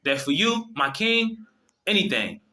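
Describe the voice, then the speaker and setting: A man's voice: a little high, big pitch swings, a little slow, pushed and bright. A man delivering an impassioned, preachy monologue to his viewers, swearing freely and often restarting his sentences. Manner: fervent, preachy, profane, many restarts. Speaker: video host.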